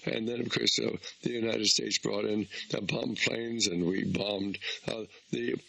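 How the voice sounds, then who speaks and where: Male radio host; low, gravelly, bright-toned; recaps the guest and asks rhetorical questions. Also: steady tone, unhurried, low-quality recording. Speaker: radio talk show host. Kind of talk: radio talk show hosting.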